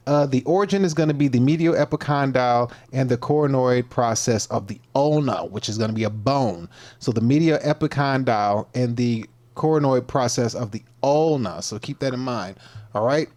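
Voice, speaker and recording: A man's voice: medium pitch, a little mellow. Male fitness coach hosting a live stream; casual, slangy, rambling, repeats words. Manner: mock-preacher delivery; slangy, laid-back. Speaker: livestream host and fitness coach. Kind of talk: casual livestream talk.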